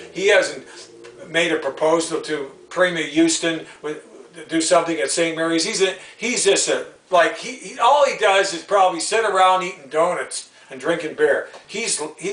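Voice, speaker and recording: A man's voice: a little high, fairly bright tone, recorded from a distance. Heated rambling man ranting, echoey room. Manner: blunt, rambling, repetitive, heated. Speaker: YouTube sports commentator. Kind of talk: live unscripted sports rant.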